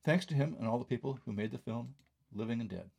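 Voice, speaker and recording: A man's voice: mid-range voice, expressive, fast talker, vocal fry, dark tone, slightly rough. An older man reading his own film review aloud, with wry, conversational asides.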